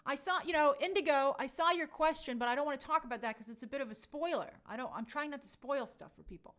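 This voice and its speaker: A livestream host with a high, fairly bright voice talks fast as she reads viewer comments aloud. She reacts to the chat in an upbeat, chatty way during her casual stream.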